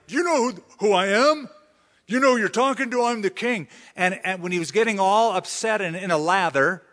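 A man's voice: on the high side, fairly bright tone. A man preaching a sermon, who often acts out the voices of the people he quotes. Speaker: pastor. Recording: long hall reverb.

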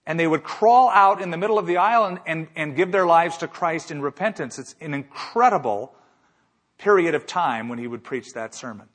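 A man's voice: on the high side, expressive, normal speed, a bit bright. A man preaching a sermon as a pastor, emphatic, with rhetorical questions and repeated phrases.

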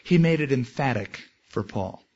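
A man's voice: medium pitch, expressive, normal speed, darkish tone, husky. A man preaching a sermon in an earnest way, telling a personal story and quoting scripture and prayers. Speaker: pastor. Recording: dull lo-fi sermon recording.

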